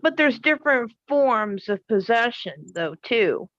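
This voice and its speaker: Woman, earnest, halting, lots of fillers, muffled audio. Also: fairly high pitch, expressive, a bit bright, no echo. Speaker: panel guest. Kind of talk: casual chat. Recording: dull lo-fi audio.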